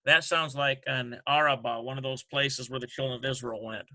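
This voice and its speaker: A man slowly working through a language exercise, sounding out syllables and spelling letters one by one. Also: medium pitch, fairly even intonation, sharp tone. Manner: slow and halting, sounding out syllables. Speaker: Hebrew teacher. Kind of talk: screen-recorded lesson walkthrough.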